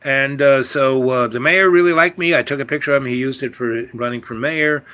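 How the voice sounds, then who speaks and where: His voice medium-pitched, pushed and bright, and a little fast, an older man shares a personal story in a loose, rambling manner. Fillers, restarts, and self-corrections turn up constantly.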